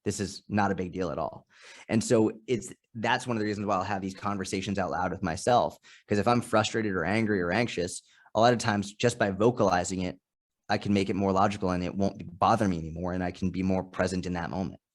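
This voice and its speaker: Animated low-voiced man telling stories. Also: quick pace. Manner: animated storytelling, acts out quoted voices, frequent restarts. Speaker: podcast guest, strength and nutrition coach. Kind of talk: casual interview chat.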